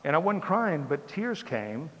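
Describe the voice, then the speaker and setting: An older man preaching a testimony sermon, acting out dialogue and swinging from loud bursts to hushed tones. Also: fairly high pitch, very animated, measured pace. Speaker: pastor. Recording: long hall reverb.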